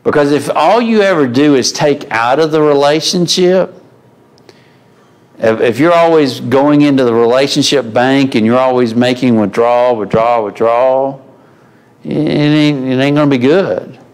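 At normal speed and medium pitch, a man teaches a mid-week Bible class in a church. He keeps it conversational, using folksy phrasing and asking the class questions.

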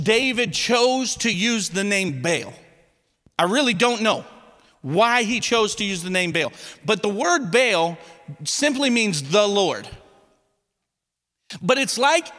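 High, bright-voiced preaching man with a Missouri twang. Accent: Southern Missouri. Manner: folksy, animated preaching with y'all and restarts. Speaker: pastor. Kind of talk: sermon. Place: church sanctuary. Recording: long church hall reverb.

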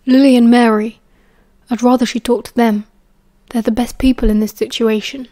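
Woman reading as a weary, calm British schoolboy. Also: a little high, dry recording, natural voice. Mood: firm. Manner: soft, tired and measured. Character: weary, calm teenage boy wizard.

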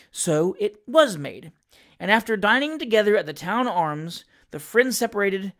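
Audiobook reader, classic novel, really animated up and down, middle pitch. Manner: expressive, lively narration. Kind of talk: scripted reading of a classic novel.

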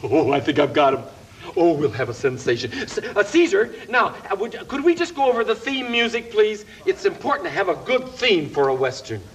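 A man's voice: high-pitched, sing-song, brisk. A man voicing a scheming male puppet dragon who runs the show in a 1970s television puppet comedy, coaxing and stammering as he talks. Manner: flustered, coaxing, stammers and restarts. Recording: dull lo-fi broadcast tape.

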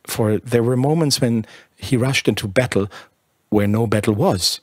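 A man reading a literary short story aloud in a measured, expressive narration. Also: mid-range voice, dry recording, studio quality.

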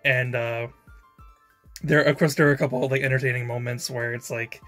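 A man's voice: mid-range voice, fairly even intonation, fairly quick, a bit bright. A man giving a casual episode review, chatty and laughing often, with lots of fillers and casual swearing. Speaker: anime reviewer. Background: faint background music.

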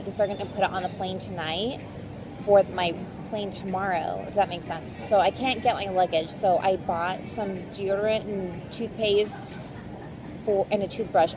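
A woman talking casually to camera in a travel vlog, chatty and full of "like" and "um". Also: medium pitch. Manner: chatty, filler-heavy with frequent "like" and "um". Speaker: vlogger. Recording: handheld vlog with noisy background ambience.

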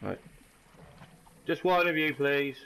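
A man commenting on his own gameplay, swearing and shouting in frustration at enemies. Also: fairly high pitch, slow pace, smooth. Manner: sweary, frustrated outbursts at the game. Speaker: gamer. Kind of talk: let's play commentary.

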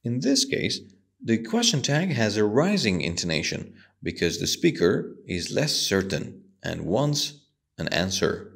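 A man teaching an English lesson, explaining patiently and slowly with a strongly rising and falling voice. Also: on the low side, very animated, vocal fry.

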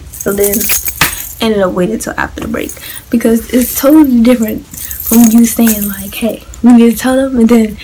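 A young woman vlogger chatting casually through a personal story, animated and addressing viewers directly. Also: fairly high pitch, normal speed, a little hiss or hum, low-quality recording.

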